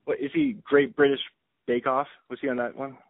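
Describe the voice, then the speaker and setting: A man co-hosting a relaxed movie podcast, chatting in an easygoing way with lots of restarts and quick laughs. His voice comes through thin and tinny, like a phone line, with no room sound. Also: medium pitch, no echo. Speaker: podcast co-host. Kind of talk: casual movie podcast chat.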